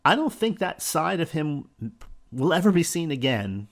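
A man's voice: a little high, very animated, normal speed. Earnest man teaching scripture. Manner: earnest, quotes scripture, emphatic rises on key words. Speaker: podcast preacher. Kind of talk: spoken Bible teaching.

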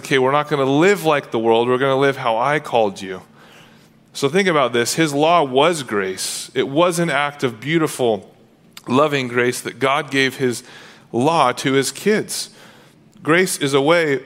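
A man's voice: mid-range voice, a bit bright. A man preaching a sermon as pastor, earnest and conversational, acting out quoted dialogue along the way. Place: church sanctuary.

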